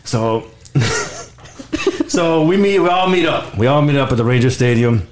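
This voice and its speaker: A man's voice: medium pitch, animated, a little slow, a little hiss or hum. A man hosting a podcast, telling a story in casual chat, stammering and laughing often. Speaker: podcast host.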